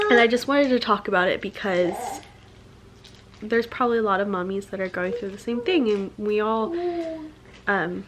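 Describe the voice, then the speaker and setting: Soft-spoken young mom, halting and emotional. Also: female voice, medium pitch. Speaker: stay-at-home mom vlogger. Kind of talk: candid vlog chat. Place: home. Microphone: camera mic.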